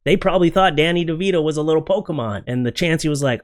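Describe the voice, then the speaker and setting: A man's voice: mid-range voice, lively intonation, normal speed. A man in casual comedic commentary, joking and chatty as he reacts to tattoo photos and talks to his dog in his office. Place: home office.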